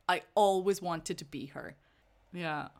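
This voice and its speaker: A woman's voice: on the low side, measured pace. A woman co-hosting a casual film chat, enthusiastic and sweary, eager to share fun facts. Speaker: podcast co-host. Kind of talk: casual chat about films.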